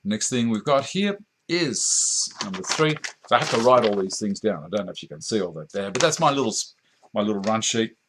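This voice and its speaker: This Australian man's fairly low, expressive voice moves at a fairly quick clip over some background noise. He's hosting a woodworking live stream in his home workshop, casually chatting, reading viewer comments and chuckling frequently, captured by a nearby camera mic.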